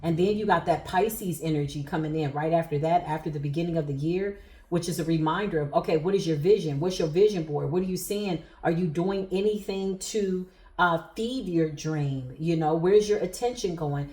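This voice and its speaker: A woman's voice: lowish voice, normal speed, mellow, roomy sound. A woman giving a spiritual tarot reading to viewers, speaking in an emphatic, preacher-like cadence. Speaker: tarot reader.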